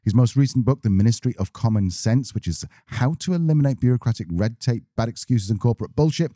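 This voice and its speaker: A man's voice: medium pitch, quick pace, warm tone, no echo, studio quality. A man co-hosting a podcast, joking and teasing in casual banter. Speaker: podcast co-host, business owner.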